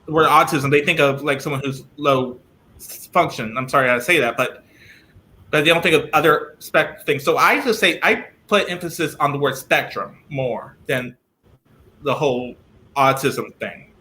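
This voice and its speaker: Man, interview guest, slightly high voice, bright, restarts sentences, video call. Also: moderate pace. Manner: restarts sentences, talks loudly by his own account. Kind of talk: live-streamed interview.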